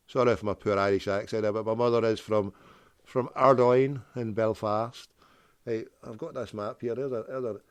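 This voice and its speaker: A man's voice: lowish voice, normal speed, no echo. Rambling man host. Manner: rambling, goes off on tangents, jokey wordplay. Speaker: prank call show host. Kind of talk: rambling solo talk with prank calls.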